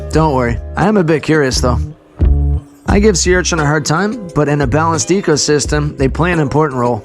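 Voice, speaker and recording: A man vlogging outdoors in a casual, laid-back and upbeat way, chatting and narrating. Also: a little high. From Canada. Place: outdoors on a coast.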